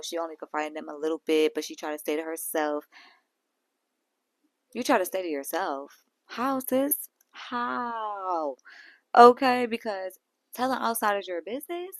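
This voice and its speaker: A woman hosts a casual reality show recap, speaking in a sassy, blunt manner packed with slang like "girl" and "sis". Her voice is fairly low and the recording is dry.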